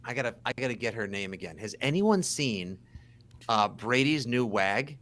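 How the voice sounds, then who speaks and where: Man, Boston accent, casual sports chat, animated, sarcastic, bright. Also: medium pitch, normal speed. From South Shore of Boston. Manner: animated, sarcastic, theatrical outbursts. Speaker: podcast co-host.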